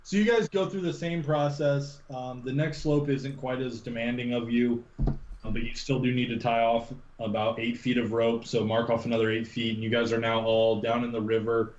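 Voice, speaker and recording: A man narrating a tabletop game as game master, halting, with many ums and restarts. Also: mid-range voice, flat delivery, a little mellow, roomy sound, muffled recording, slight background noise.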